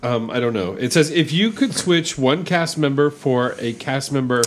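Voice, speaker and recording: A man's voice: medium pitch, animated, normal speed, heavy background noise. A man co-hosting a podcast, hesitantly reading listener questions and steering the chat back on track. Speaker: podcast co-host.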